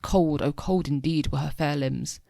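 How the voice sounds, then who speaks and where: A young man at home reading narrative poetry aloud as an amateur audiobook, in a measured, dramatic way. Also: on the high side, gravelly, mellow, no room sound. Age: young adult. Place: home room.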